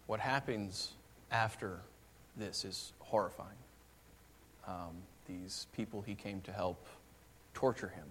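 A male pastor preaching a sermon, dropping to hushed, slow lines and then rising into fervent, pleading passages. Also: fairly low pitch, slight background noise.

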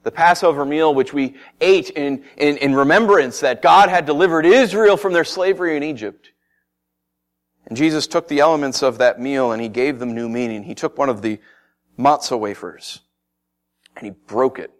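A man preaching, telling a Bible story in first person as if he had been there, swinging from loud excitement to hushed tones and asking his listeners questions. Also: fairly high pitch, normal speed. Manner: addresses listeners directly with questions.

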